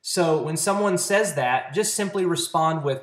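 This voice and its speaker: A man's voice: on the high side, measured pace. A man at home giving a casual, earnest talk to camera, coaching his sales network with practical tips. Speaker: network marketing trainer. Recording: roomy echo.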